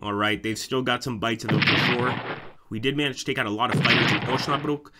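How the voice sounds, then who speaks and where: A man's voice: mid-range voice, steady tone, quick pace. A man giving casual commentary over a strategy game, thinking aloud about his moves and talking to viewers as guys. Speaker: let's play host. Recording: loud background noise.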